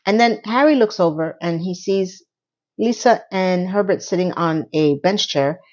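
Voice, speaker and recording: Blunt, animated woman recapping a show. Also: fairly low pitch, a little slow, muffled recording. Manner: animated, blunt, swears casually. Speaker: TV recap vlogger.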